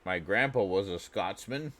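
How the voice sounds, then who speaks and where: A man's voice: fairly low pitch, normal speed, a bit bright. A man from Canada chatting casually and joking as he reacts to a clip, rambling and laughing often. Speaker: reaction video host.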